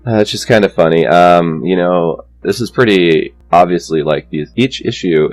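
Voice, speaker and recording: A man's voice: low-pitched, moderate pace, soft background music. A young man casually recapping a comic book, chuckling often and rambling with plenty of fillers.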